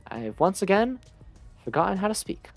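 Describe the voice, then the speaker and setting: A woman's voice: mid-range voice, big pitch swings, brisk, darkish tone, soft background music. A woman streamer rambling chattily and self-mockingly while playing a game. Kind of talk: casual gaming commentary.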